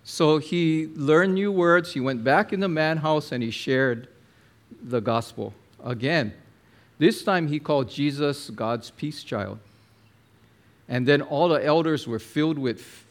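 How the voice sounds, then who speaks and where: A man preaching a sermon, telling a story with lively acted-out quotes and talking to the listener directly. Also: on the high side, slow pace. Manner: animated storyteller, acts out quotes, addresses listener as my friend.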